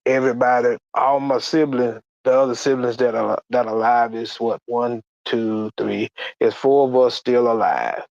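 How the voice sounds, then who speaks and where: Plain-spoken man, halting testimony, lo-fi. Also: medium pitch, steady tone, gravelly, darkish tone, no room sound. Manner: halting, plain-spoken, repeats words and restarts. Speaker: guest sharing a church testimony. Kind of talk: personal testimony.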